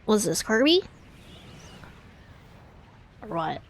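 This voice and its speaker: Slow, lively-voiced woman streamer. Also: medium pitch, slight background noise. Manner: chatty, giggly asides. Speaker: streamer reacting to a game presentation. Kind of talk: casual live-stream commentary.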